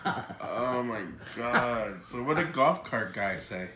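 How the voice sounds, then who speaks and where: A man's voice: mid-range voice, expressive, slow pace. A man co-hosting an online sale, chatting casually and tossing in teasing quips. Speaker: co-host selling magical items. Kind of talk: casual chat. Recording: echoey room with background noise.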